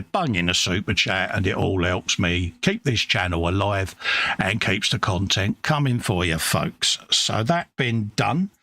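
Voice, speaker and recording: A man's voice: mid-range voice, gravelly, fairly bright tone. A man hosting a casual livestream from his workshop, reading out chat messages and calling everyone mate. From England. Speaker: livestream host.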